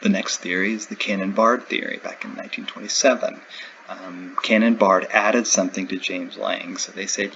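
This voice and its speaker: Man, very low voice, lecture review, conversational, dull lo-fi sound with faint hiss. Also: steady tone, moderate pace, pushed and bright. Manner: conversational, with everyday examples. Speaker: instructor. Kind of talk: recorded lecture.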